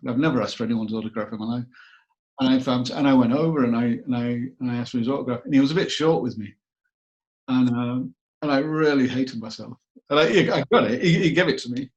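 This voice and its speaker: Middle-aged northern English man, gravelly, halting and self-mocking, on a dull lo-fi recording. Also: mid-range voice. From northern England. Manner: rambling, self-deprecating, repeats words often. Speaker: actor guest. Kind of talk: casual interview chat.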